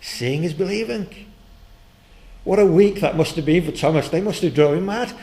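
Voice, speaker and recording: A man preaching a sermon. He retells the story with energy, asks his listeners questions, and rises in pitch and volume at the exciting parts. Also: quick pace, low-quality recording. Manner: storytelling, growing loud and high when excited.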